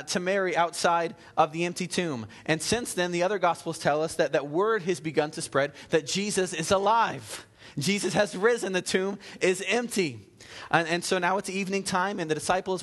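Male pastor, fairly high voice, emphatic preaching with repeats and restarts. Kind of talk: sermon.

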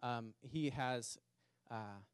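A man preaching a sermon to a small church congregation, earnest, repeating words and slowing down to stress key lines. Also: medium pitch, smooth, no echo, studio quality. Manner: earnest, repeats words, speeds up and slows for emphasis. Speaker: pastor. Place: small church meeting in a community center.

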